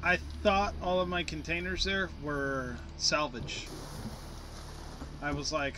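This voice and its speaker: A man with a slightly high voice chats playfully to himself as he plays through a game. His commentary is loose and joking. Game music plays clearly underneath him the whole time. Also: takes it slowly, pushed and bright. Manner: playful, chatty, talks to himself while playing. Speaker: gameplay commentator. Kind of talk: casual gameplay commentary. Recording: game music playing behind.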